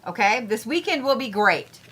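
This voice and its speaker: A woman's voice: fairly high pitch, sing-song, moderate pace, a bit bright, slightly rough. A woman hosting casual zodiac and crystal reads, blunt and profane, repeating herself as she talks. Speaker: spiritual reader, host.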